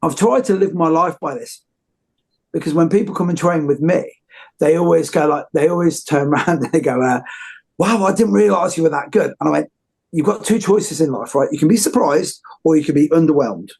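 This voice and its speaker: A man's voice: a little high, animated, a little fast, vocal fry, a little mellow, slightly rough. A man hosting an interview, talking effusively and rambling with many restarts. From United Kingdom. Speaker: host. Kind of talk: casual interview chat.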